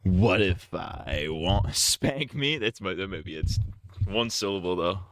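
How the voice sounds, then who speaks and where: Young man, streamer, slow unhurried talk, dry close sound, crude joking, half-sung lines. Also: low-pitched, lively intonation, a bit bright, no room sound. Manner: crude, jokey, mutters to himself, then half-sings lines. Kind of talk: casual live-stream talk, drafting parody song lyrics.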